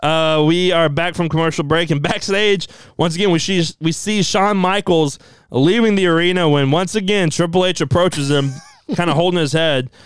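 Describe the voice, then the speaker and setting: A man casually recounting an imagined wrestling show in an excitable storytelling manner. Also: a little high, clear, resonant tone, no room sound. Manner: excitable, quick, laughs as he tells it. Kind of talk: casual fantasy wrestling recap.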